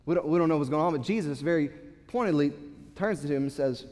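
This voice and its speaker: A man with a high voice delivers a Sunday sermon, pressing his points hard and doubling back on his words. His voice carries a long reverb from the church sanctuary around him. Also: animated, quick pace, a little mellow. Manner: emphatic preaching with repeated words and restarts. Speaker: pastor.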